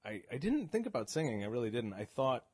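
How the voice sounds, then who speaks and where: A middle-aged man from the Boston area telling stories as a podcast guest, animated and often laughing. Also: medium pitch, quick pace, slightly rough, no room sound. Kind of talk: casual podcast conversation.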